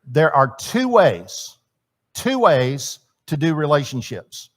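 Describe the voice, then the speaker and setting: Animated man preaching at a seminar. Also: on the high side, slow pace. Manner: animated, swings between loud emphasis and quiet asides; chatty, asks the audience questions. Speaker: seminar speaker. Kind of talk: sermon-style marriage teaching. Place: church hall.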